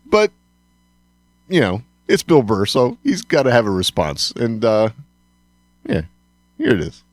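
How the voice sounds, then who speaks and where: A man's voice: mid-range voice, sing-song, unhurried, no room sound, soft background music. A man co-hosting a podcast in casual chat, agreeable and laughing often. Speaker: podcast co-host.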